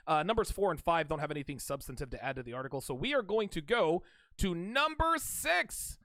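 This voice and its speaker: A man hosting his own solo show, telling a story and commenting in a casual, animated, profane way, often restarting his sentences. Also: a little high, fairly quick, no echo, studio quality. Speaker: host of a commentary channel. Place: solo home studio with a fan nearby.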